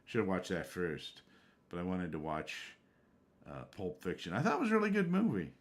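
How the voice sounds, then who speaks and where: A man's voice: sits low, wildly swooping pitch, moderate pace. A man streaming a game, chatting casually and rambling from one topic to the next. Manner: rambling, conversational. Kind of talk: casual live-stream chat.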